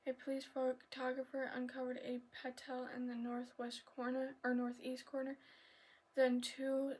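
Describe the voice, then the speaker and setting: Breathy soft-spoken woman reading ASMR. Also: sits high, completely flat delivery, normal speed. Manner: soft reading with stumbles and apologies, slipping into whispers. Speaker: ASMR channel host.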